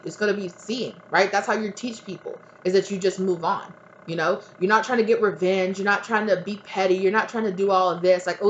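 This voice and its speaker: A woman's voice: mid-range voice, fairly bright tone, dull audio, a little hiss or hum. Blunt, swearing tarot reader woman. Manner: blunt, emphatic, swears freely; talks straight to the viewer, often adds "right?". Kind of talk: casual spiritual advice monologue.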